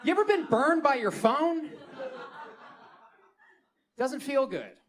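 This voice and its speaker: High, lively young man with a Baltimore accent. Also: slow. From Baltimore, Maryland. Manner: animated, playful storytelling. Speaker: stand-up comedian. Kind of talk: stand-up comedy set. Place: comedy club stage.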